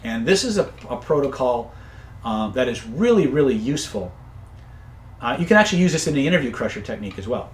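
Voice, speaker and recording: A man coaching viewers on influence in a casual live-stream, often tagging points with "right?" and shouting out angry characters when he tells stories. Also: mid-range voice, big pitch swings, fairly quick, roomy sound. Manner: conversational, tags points with "right?"; acts out angry voices loudly in stories. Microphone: own camera setup.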